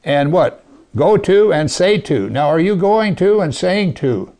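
A man with a gravelly, creaky voice preaches a sermon. He reads scripture and then comments on it, sometimes sinking to a soft, hushed tone to press a point home. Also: sits high, lively intonation, unhurried.

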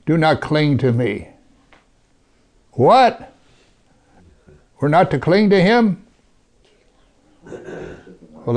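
Gravelly-voiced preacher delivering a sermon. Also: male voice, medium pitch. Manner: earnest preaching, reading scripture aloud, dropping to a hush for emphasis. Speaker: pastor.

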